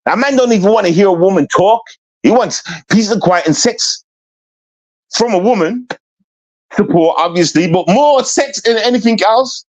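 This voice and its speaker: A male vlogger rants bluntly and confrontationally into the camera, repeating himself for emphasis. His high-pitched voice is animated and darkish in tone, at a moderate pace.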